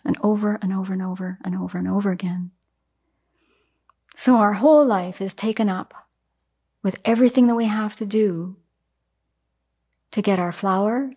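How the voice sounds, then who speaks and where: A woman teaching Buddhism in a dharma talk, animated and acting out everyday examples. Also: mid-range voice, moderate pace, long pauses, breathy edge.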